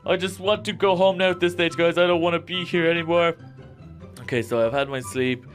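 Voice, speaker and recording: A man giving let's-play commentary, jittery and excitable, talking straight to his viewers. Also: on the high side, fairly quick, faint music behind. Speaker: gaming YouTuber.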